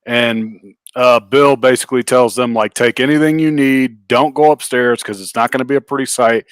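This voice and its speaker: A man's voice: medium pitch, fairly even intonation, normal speed, smooth. Laid-back guy co-hosting a review stream, dry sound, no room echo. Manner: casual, frequent short agreements. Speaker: podcast co-host. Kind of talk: live review chat.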